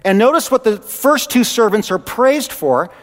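A man preaching a sermon in an animated, conversational way as a pastor. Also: very high voice, moderate pace, big-room sound. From Canada.

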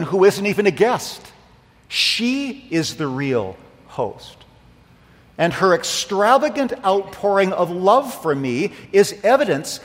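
A man preaching a sermon in a church, earnest, swelling on key phrases. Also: sits high. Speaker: pastor. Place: church sanctuary. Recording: long hall reverb.

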